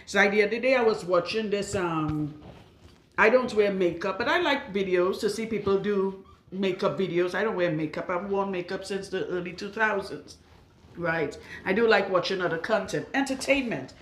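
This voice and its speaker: A woman's voice: medium pitch, moderate pace. A woman loctician talking bluntly and emphatically to camera while working on a client in her salon. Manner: blunt and outspoken; emphatic, with rhetorical questions. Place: her salon room with a radiator. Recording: roomy echo.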